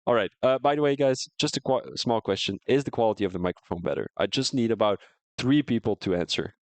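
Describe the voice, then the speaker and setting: A man's voice: mid-range voice, fast, no room sound. A man commentating a sim racing league, chatting casually at the end of a live stream on a headset mic and answering viewers' comments as he goes. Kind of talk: casual post-race live-stream chat.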